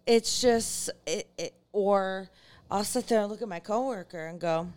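Crude, smooth-voiced woman joking. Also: medium pitch, measured pace, darkish tone. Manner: crude, joking, swears freely. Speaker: podcast co-host. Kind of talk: casual chat.

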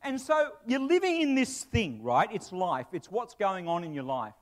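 A man's voice: high-pitched, big pitch swings, normal speed. A man preaching a sermon to his church in a conversational way, with asides and humor. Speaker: pastor; broadcast presenter.

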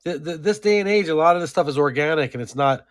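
Middle-aged man telling animated stories. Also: on the high side, quick pace. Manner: animated anecdote teller, acts out quotes. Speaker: podcast co-host. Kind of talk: casual comedic chat.

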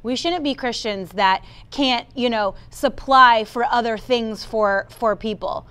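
A woman delivers a sermon in a smooth, resonant voice that sits slightly high. She speaks emphatically, often voicing what believers ought to say. She also calls out to people in the room by name. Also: unhurried, fairly bright tone. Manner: emphatic, quotes the congregation's inner voice; addresses listeners by name. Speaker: preacher.

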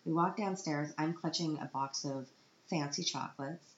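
Close to crying, a woman in her thirties shares a vlog story about her child, playing it up dramatically while mocking herself. She speaks at a moderate pace in a low voice. There's slight hiss or hum, and the audio is roomy, dull and lo-fi.

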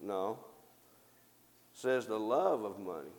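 A man's voice: on the low side, lively intonation, slow, darkish tone, long reverb tail. A man preaching a sermon, reading scripture aloud and asking the congregation questions that he answers himself.

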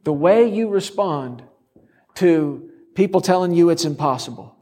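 A man's voice: fairly high pitch, expressive, unhurried, dark tone. A man preaching a sermon, driving his points home through repeated declarations and rhetorical questions.

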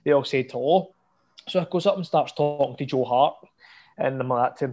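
A man with a Scottish accent, telling a long animated story in casual podcast chat. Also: medium pitch, a little fast. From Scotland. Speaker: podcast co-host.

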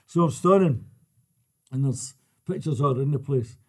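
A man's voice: medium pitch, measured pace. An older Scottish man telling football stories in casual chat, laughing as he goes. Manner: lively storyteller who laughs through his tales.

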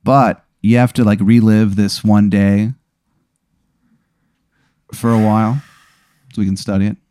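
A man's voice: little pitch movement, measured pace, mellow, dry recording, clean studio sound, close to an everyday voice. A man voicing a businesslike woman making a hesitant offer, full of fillers. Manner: hesitant, filler-heavy pitch.

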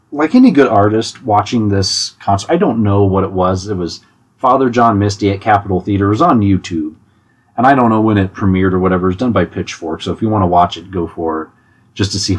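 A young man talking casually about concerts in an animated, chatty way, with frequent restarts and laughs. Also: fairly low pitch, slightly rough. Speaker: podcast host giving concert tips. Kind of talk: casual monologue.

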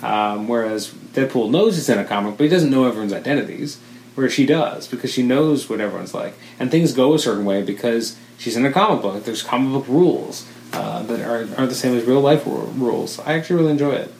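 A man co-hosting a relaxed chat who rambles and corrects himself as he goes. He is enthusiastic. His voice sits at a middle pitch, and the room gives it a roomy echo over faint background ambience. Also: a little fast, a little hiss or hum. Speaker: podcast co-host. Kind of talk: casual chat.

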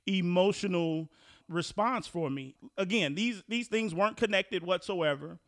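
In clean studio sound with no echo, a man with a high voice hosts a podcast at a slightly slow pace. He talks casually and conversationally, often restarting sentences as he thinks.

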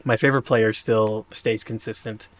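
A man co-hosting a podcast, retelling a game moment in a rambling, animated way with many fillers. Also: fairly low pitch, normal speed. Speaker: podcast co-host. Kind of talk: casual chat.

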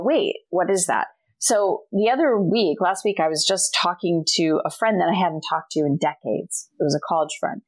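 A middle-aged woman, a guest author, telling a personal story in a casual interview and acting out the dialogue. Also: lowish voice. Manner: animated storyteller, acts out quoted dialogue.

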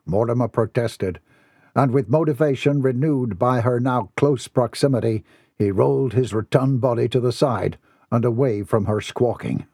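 Gravelly, husky male audiobook narrator. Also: medium pitch, moderate pace, dark tone, dry recording, clean studio sound. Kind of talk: scripted narration.

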